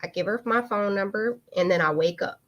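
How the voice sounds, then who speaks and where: An open, candid woman in her thirties tells a personal story in casual speech. She hosts a live online talk and jumps into lively voices when she quotes people. Her pitch sits in an ordinary middle range. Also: fairly quick.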